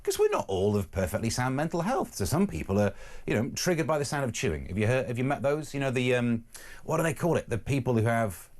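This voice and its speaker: A male talk radio host in casual studio chat, sarcastic and opinionated. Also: medium pitch. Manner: animated, sarcastic, quick-talking.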